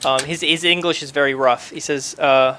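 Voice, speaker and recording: A man with a bright, fairly high voice narrates a tabletop game as game master. He talks loosely, stopping and restarting, with lots of ums, while a faint hum sits under the recording. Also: fairly even intonation, normal speed.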